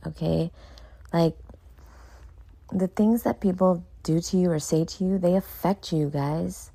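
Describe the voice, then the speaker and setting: Tired, gravelly low-voiced woman host. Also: measured pace, pauses often, dark tone, no echo. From New York. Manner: self-critical, rambling with many fillers. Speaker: show host. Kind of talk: casual late-night vlog talk.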